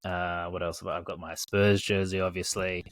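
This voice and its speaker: A man in his thirties, a podcast co-host telling animated stories in casual chat, swearing and acting out what people said. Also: deep voice, moderate pace. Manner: animated storyteller, swears, acts out his own quoted lines.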